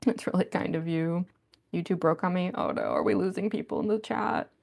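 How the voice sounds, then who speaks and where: A giggly woman chats through a relaxed livestream, answering viewer comments as they come in. Her voice sits fairly low and carries a gravelly fry at the ends of her phrases. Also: fairly quick. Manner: chatty, giggly, reads chat comments aloud. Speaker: cosplayer livestreamer. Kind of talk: casual livestream chat.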